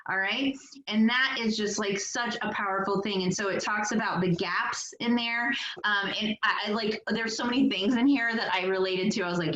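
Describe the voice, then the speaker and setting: A woman's voice: mid-range voice, moderate pace, a bit bright. A woman directing a sales team on a motivational call, upbeat and chatty, laughing often and using lots of fillers. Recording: echoey, dull lo-fi call audio.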